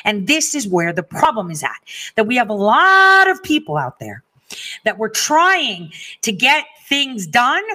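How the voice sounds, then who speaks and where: Bright, fiery profane woman. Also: fairly high pitch, a little slow. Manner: blunt, profane, animated storytelling. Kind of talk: impassioned monologue.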